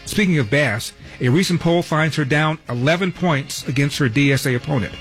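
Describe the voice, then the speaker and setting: A man's voice: on the high side, a little fast, soft background music. A man hosting a talk radio show, delivering news headlines with wry, sardonic asides. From Los Angeles.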